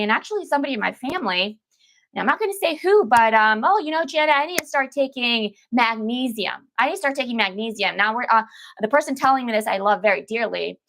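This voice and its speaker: A woman detox coach with a voice on the high side and a fairly bright tone chats casually to her viewers on a live stream. She's emphatic, repeats phrases, and calls them "baby" and "girl."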